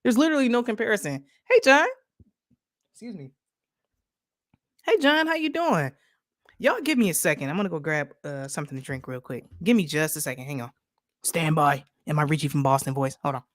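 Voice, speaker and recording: This late-night livestream host from Michigan has a deep, animated voice that goes fairly quick but includes long pauses. Laughing a lot, she speaks directly to viewers, chatting casually and reading stories and chat messages aloud. The sound is clean studio audio without echo.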